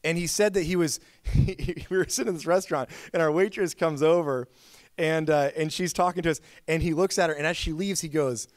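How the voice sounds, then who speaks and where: A man's voice: fairly high pitch, brisk, no room sound, clean studio sound. A man preaching a sermon as pastor, telling stories in a casual, chatty way with lots of filler words. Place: church.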